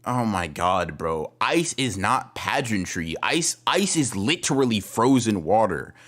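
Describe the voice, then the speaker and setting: A man's voice: fairly low pitch, big pitch swings, unhurried, a bit bright. A man co-hosting a podcast, ranting in exasperation and swearing a lot in casual chat. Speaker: podcast co-host.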